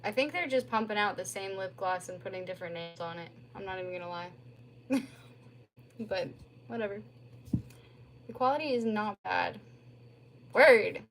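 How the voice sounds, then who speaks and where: A young woman streamer chats casually on a livestream from home into a phone, rambling and filling her talk with "like". Her mid-range voice moves at a moderate pace with long pauses, and there's slight background noise.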